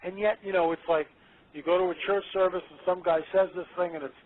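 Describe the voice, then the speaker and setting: A man speaking as a guest on a radio interview, emphatic and excitable, often repeating his words. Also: high-pitched, fast. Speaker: guest author. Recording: tinny phone line.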